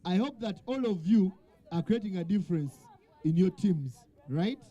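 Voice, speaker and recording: A man's voice: high-pitched, animated, moderate pace, warm tone, lo-fi sound. A man hosting a live quiz night, calling out to the crowd and joking with the teams. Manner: calls out to the crowd and jokes with teams. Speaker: event host. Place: event venue with a crowd.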